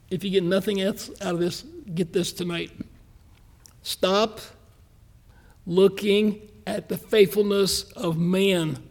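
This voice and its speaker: A pastor preaching a sermon in a folksy, earnest way, slowing down to stress key lines and speeding through quick asides. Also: male voice, high-pitched, darkish tone.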